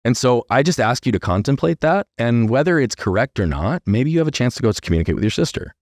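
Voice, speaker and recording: A man's voice: mid-range voice, fast, no room sound, studio quality. A middle-aged man, a guest on a podcast, telling a family story earnestly and often checking in with "right?". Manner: earnest, animated storytelling with many "right?" tags.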